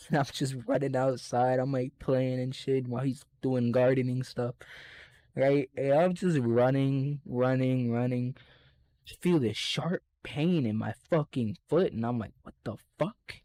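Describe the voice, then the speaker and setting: A young man swapping stories on a podcast, animated and heavy on the swearing. His voice sits in an ordinary middle register, recorded close with a dry sound and no room echo. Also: medium pitch, unhurried. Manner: animated, profane, laughs through his story. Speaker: podcast co-host. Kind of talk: casual storytelling chat.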